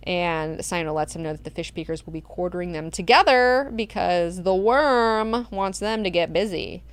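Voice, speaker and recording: A woman's voice: lowish voice, moderate pace, clear, resonant tone, no echo. A woman hosting a book club, recapping chapters in a slangy, profane, chatty way.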